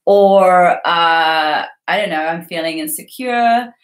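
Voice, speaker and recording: A woman's voice: fairly low pitch, slow pace. A young woman hosting a casual livestream, chatting and giggling as she reads viewer comments. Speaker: livestream host. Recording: roomy echo.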